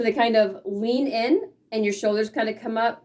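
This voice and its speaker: A woman's voice: a little high, moderate pace, few pauses, a little mellow, far from the mic. A woman teaching sign language in a patient, explanatory way, sometimes acting out the feelings she describes. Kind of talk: casual instruction.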